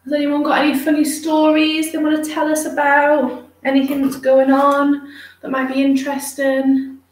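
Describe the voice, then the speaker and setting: A fairly high-voiced woman chats casually to her viewers while grooming her dog, slipping into cooing baby talk for the dog. She sits back from the mic in a roomy space. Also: completely flat delivery, moderate pace, recorded from a distance. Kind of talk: casual live chat with viewers.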